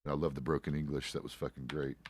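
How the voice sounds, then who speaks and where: A man's voice: very deep voice, level tone, fast talker, a little mellow, slightly rough. A middle-aged man, a roleplay streamer, chatting out of character in a laid-back, rambling, profane way. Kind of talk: casual out-of-character chat.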